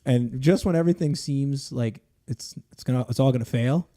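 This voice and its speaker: A man hosting a podcast in casual chat, retelling a film plot in an animated, rambling way and laughing often. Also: medium pitch, normal speed. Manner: rambling, with restarts. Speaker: podcast host.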